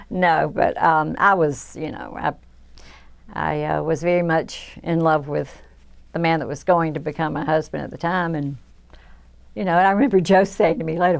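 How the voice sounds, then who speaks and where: An older woman with a Southern American accent, reflecting in an oral history interview. Her voice sits low and carries a gravelly, creaky texture. She talks in a self-deprecating way, often restarting her sentences and filling pauses with "you know.". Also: darkish tone. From south Georgia, US.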